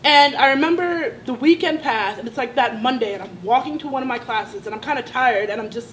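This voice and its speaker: A young college woman speaks at a student sit-in, telling her own story with passion and rising indignation. Her voice sits high, and it builds from quiet, hurt moments into heated outbursts. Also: a little fast, rough recording. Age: young adult. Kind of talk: personal testimony at a student sit-in.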